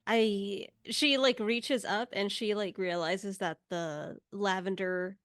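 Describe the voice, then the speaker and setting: A woman plays a tabletop game, describing her character thoughtfully. She speaks slowly. The sound is dry and close. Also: medium pitch, fairly even intonation, no room sound. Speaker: player.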